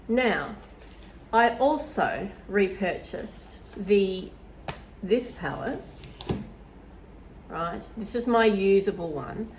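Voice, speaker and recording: A middle-aged woman with a nasal, stuffy voice left by a recent cold, chatting to camera as a beauty vlogger. She sounds friendly and enthusiastic, at a medium pitch. The room is quiet apart from a faint hiss. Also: animated, drawn-out words, long pauses, rough recording. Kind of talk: casual to-camera chat.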